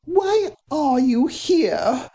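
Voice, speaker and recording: A woman's voice: on the high side, sing-song, measured pace, darkish tone, voice pushed up. A narrator voicing a frightened but defiant young aristocratic woman with a quavering, indignant voice.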